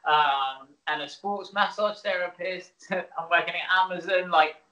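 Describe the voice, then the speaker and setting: A man's voice: high voice, steady tone, a little slow, reverberant, a crowd in the background, poor audio. A man chatting as an interview guest over a video call, restarting his sentences and laughing often. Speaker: musician and theatre performer, guest. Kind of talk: casual interview chat.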